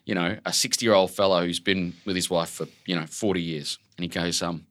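A man in his forties with an Australian accent, a guest telling stories in an animated way, full of "like" and casual swearing. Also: sits low, a little fast. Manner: expressive, fills speech with "like", swears casually. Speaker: author guest. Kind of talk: animated conversational storytelling.

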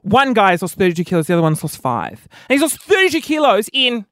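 A man's voice: sits high, sing-song, quick pace, fairly bright tone, no echo, studio quality. A man hosting a podcast, telling self-mocking stories in a chatty, casual way and swearing freely. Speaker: podcast host. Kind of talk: casual comic storytelling.

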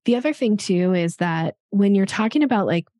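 A woman's voice: mid-range voice, lively intonation, fairly quick, warm tone, dry recording, studio quality. A woman sales coach giving emphatic conversational advice on an interview, acting out examples of tone.

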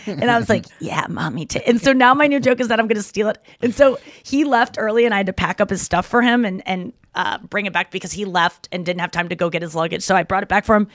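A woman's voice: mid-range voice, fast, hardly any pauses, no room sound, studio quality. A woman hosting a podcast, telling comic stories in a casual chat and acting out the lines of people in them. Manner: animated storytelling, acting out quotes; frequent fillers and restarts. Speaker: podcast host and comedian.

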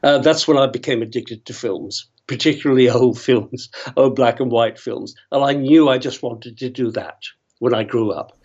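A man's voice: medium pitch, normal speed, darkish tone, breathy edge, dull audio. An older man from Northern Ireland, an actor telling long, rambling stories with many tangents and chuckles. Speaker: actor guest. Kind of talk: storytelling interview.

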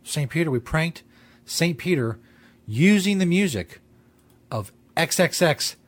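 Husky, rambling male talk host. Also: on the high side, animated, unhurried. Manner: rambling, profane, laughs at his own jokes. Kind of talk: casual comedic talk show. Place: studio.

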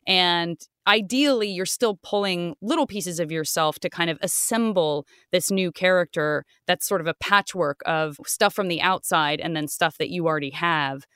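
A woman co-hosting a podcast and chatting casually, animated and talkative, her voice jumping high when she gets excited. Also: normal speed, few pauses, clean tone, dry recording, clean studio sound. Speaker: podcast co-host and voice actor. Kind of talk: casual chat.

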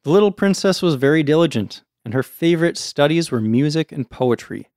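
Fairly quick and expressive, this storyteller host reads an old folktale aloud in a casual podcast manner, stepping away from the text for chatty asides. His mid-pitched voice is smooth and resonant with a darkish tone, recorded close and dry without room sound.

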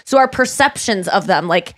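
A woman's voice: mid-range voice, expressive, moderate pace, no echo. Chatty woman host with a smoky morning voice. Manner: chatty, self-deprecating, trails off and restarts. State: morning voice, a little smoky and worn out. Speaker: podcast host. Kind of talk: casual studio chat. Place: home podcast studio.

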